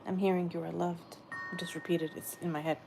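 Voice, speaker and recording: A woman giving a gentle, meandering spiritual message she says she is channeling, often repeating her phrases. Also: lowish voice, little pitch movement, brisk, gravelly, over music.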